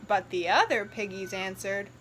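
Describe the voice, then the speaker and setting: A woman reading a picture book aloud in a sing-song, expressive storytelling voice. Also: medium pitch, moderate pace, slightly rough, low-quality recording.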